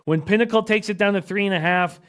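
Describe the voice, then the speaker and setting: A man hosting a live sports betting stream, rattling off odds and stats in a quiet, close voice and reading out viewers' chat comments. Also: high voice. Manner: rapid stat-heavy rundown, reads out chat comments; speaks quietly, close to the mic.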